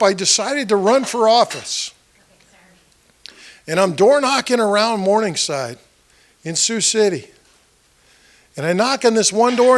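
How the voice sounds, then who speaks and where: A candidate whose voice sits high with a fairly bright tone speaks to about 30 people in a meeting room. His campaign talk is conversational storytelling in which he acts out what others said, addressing listeners with direct questions.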